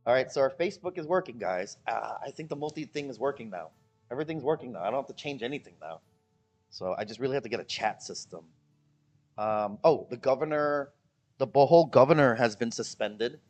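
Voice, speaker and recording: A man hosting a livestream, talking to his chat in a loose, joking way. His pitch swings widely as he rants and mocks people with put-on voices. Faint music plays behind him. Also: animated, a little fast, a little mellow. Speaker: livestream host.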